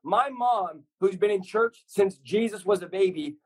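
A man's voice: sits high, a little slow, slightly rough, poor audio. A man in his thirties, a pastor telling his story as a guest, passionate and rambling in a preacherly way. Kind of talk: fast energetic testimony sharing.

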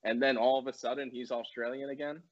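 A man's voice: mid-range voice, level tone, fast talker. A man joking and laughing as he critiques a movie in a casual podcast chat. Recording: dull lo-fi sound.

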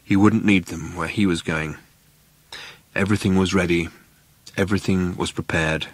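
A man reading an audiobook aloud in a measured, dry storytelling manner. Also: deep voice, fairly even intonation, no room sound. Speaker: narrator. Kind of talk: audiobook narration.

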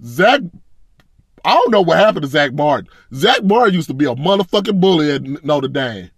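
A man's voice: a little high, big pitch swings, a little fast, slightly rough, dry recording, clean studio sound. A man ranting as a fan, blunt and profane, in a casual, frustrated reaction. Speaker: sports fan commentator.

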